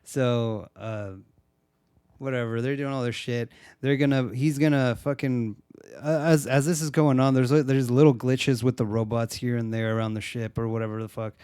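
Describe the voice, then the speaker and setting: A man's voice: medium pitch, fairly even intonation, moderate pace, a little mellow, clean tone, no echo, clean studio sound. A man co-hosting a podcast, casually recapping a movie with lots of swearing and acted-out lines. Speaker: podcast co-host.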